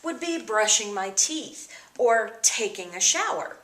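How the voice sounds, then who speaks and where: A woman teacher explaining vocabulary words to her students in an upbeat, expressive way. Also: on the high side, a little slow, echoey room. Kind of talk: vocabulary lesson.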